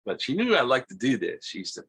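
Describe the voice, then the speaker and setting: A man with a Hawaiian accent telling a rambling personal story, halting, repeating words and acting out quotes in a husky voice. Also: mid-range voice, huge pitch swings, a bit bright. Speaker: vlogger.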